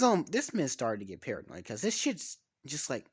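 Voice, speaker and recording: A man's voice: mid-range voice, wildly swooping pitch, normal speed, slightly rough. A man casually making up a story as he goes, rambling, swearing and losing track of names.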